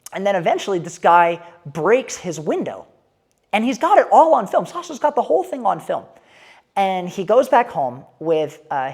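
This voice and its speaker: A woman telling a story in a casual, candid and animated way, with an irreverent edge. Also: fairly low pitch.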